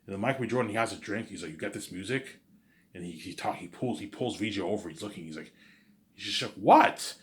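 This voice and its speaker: Fast-talking rambling man, lowish voice. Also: a bit bright. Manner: rambling, profane, keeps saying "you know what I'm saying"; stumbling restarts. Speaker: vlogger. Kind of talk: casual storytelling.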